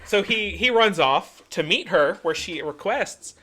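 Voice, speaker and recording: Against a noisy background, a young adult man with a high voice and lively intonation speaks a little slowly. He co-hosts a podcast, chatting casually and acting out characters' lines while retelling a story.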